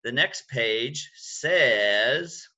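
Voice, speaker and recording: A man's voice: mid-range voice, animated, extremely slow, pushed and bright. An older man, a grandfather, reading a picture book aloud to young children, coaxing them to join in and making the animal sounds himself. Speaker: grandfather reading a bedtime story.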